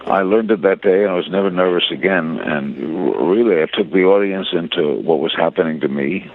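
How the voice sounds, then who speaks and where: Elderly male broadcaster guest, very low voice, anecdotal, phone-quality audio. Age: 80s. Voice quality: very deep voice. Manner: unhurried anecdotal storyteller with frequent uh fillers. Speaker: interview guest, veteran broadcaster. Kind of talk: storytelling reminiscence. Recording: tinny phone-line audio.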